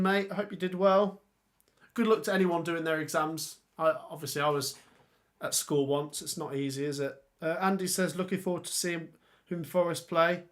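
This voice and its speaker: A young man hosting a casual live stream, thinking aloud about football fixtures and reading out viewer comments. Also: on the high side. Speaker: football channel host.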